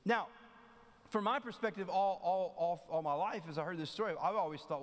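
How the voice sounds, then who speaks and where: A man's voice: on the high side, lively intonation, fast. A man preaching a sermon in a conversational way, acting out the voices of the people he quotes. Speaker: pastor. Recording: long hall reverb.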